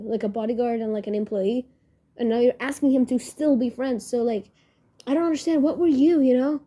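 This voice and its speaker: A young woman hosts a casual podcast review in a warm, soft-toned voice that sits a little high. She gushes and rambles, working through her strong feelings with lots of filler words. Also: steady tone, brisk. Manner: gushing, emotional, rambling with many "like"s. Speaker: podcast host reviewing a series.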